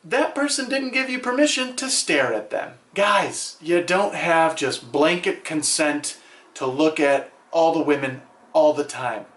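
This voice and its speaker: A man with a fairly high voice talks straight to camera in a playful, sarcastic, somewhat preachy way. His voice carries a roomy echo, as if he is in a bare room. He sounds like a vlogger handing out advice. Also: lively intonation, a little slow, fairly bright tone. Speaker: vlog host.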